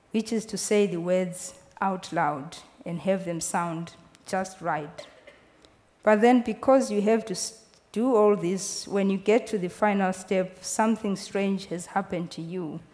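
A woman author reads her novel aloud in measured, unhurried phrases at a live event. The voice sits mid-range, and a long hall reverb rings after each line. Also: medium pitch, a little mellow. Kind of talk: literary reading. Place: live reading in a café venue.

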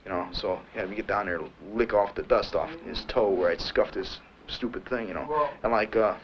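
A man's voice: lowish voice, a little fast, a little hiss or hum. A young war veteran telling his story in a wry, matter-of-fact way at a panel. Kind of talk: testimony at a panel. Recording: dull old archive recording with crowd.

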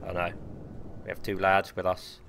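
A man giving casual, excitable and sweary commentary while livestreaming a game and talking to his chat. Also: deep voice, moderate pace, creaky, noisy background. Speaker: game streamer.

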